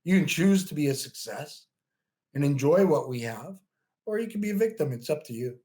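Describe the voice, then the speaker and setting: A man in his fifties, a bodybuilding coach guesting on a podcast, telling stories in a chatty, animated way with lots of "you know" and frequent laughs. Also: a little high, normal speed. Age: 50s. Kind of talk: casual interview talk.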